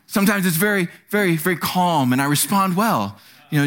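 A man preaching a sermon in a church, animated and acting out quotes. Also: moderate pace. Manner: animated, acts out quotes with sudden pitch jumps. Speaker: pastor.

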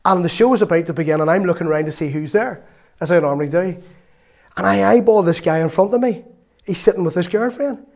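A middle-aged man with a Northern Irish accent preaching a sermon, telling a lively story from his own family and acting out the voices in it. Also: high voice, quick pace, creaky. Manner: lively storytelling, acts out voices, laughs often.

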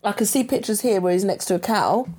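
A woman's voice: medium pitch, quick pace, a little mellow, slightly rough. Chatty laughing woman. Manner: chatty, laughs often, stumbles over long words. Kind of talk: casual chat.

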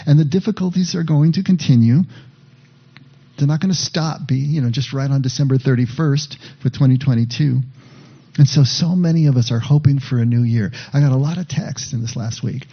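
A man preaching a sermon as pastor, measured and reflective, leaning on emphatic repetitions. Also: fairly high pitch, creaky, slightly rough, highs cut off.

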